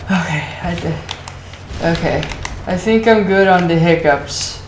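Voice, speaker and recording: A woman's voice: lowish voice, measured pace. A woman chatting casually while gaming on a voice call, giggly and rambling, tired and hiccuping. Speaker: gamer on a voice call. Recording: roomy echo with faint noise.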